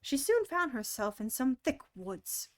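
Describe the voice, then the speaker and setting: A woman reading a children's book aloud on a stream in an expressive, animated way. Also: high voice, measured pace. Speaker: storyteller.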